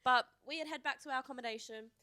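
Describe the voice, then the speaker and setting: A young woman tells a travel story on a podcast, chatty and quick to chime in. Her voice sits a little higher than most, recorded dry and close on the mic. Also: pushed and bright, no room sound. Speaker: podcast co-host. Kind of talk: casual chat.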